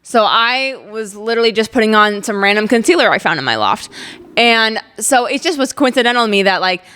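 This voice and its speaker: A woman's voice: on the high side, brisk, smooth. A young woman in her twenties hosting a podcast, telling a personal story in a candid, chatty way with lots of "like"s. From Ozarks, USA. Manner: chatty, many "like"s, candid and expressive. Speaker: podcast host.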